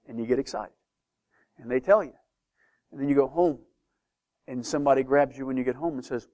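A man preaching a sermon to a congregation, shifting between loud, animated bursts and hushed, quiet passages. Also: medium pitch, a little fast, pauses often. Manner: animated, swings from loud to hushed, acts out doubters' voices.

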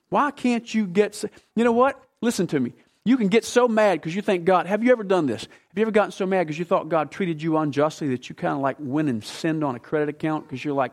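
A man in his fifties, a pastor preaching a sermon, building from plain talk into fervent, emphatic questions. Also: high voice.

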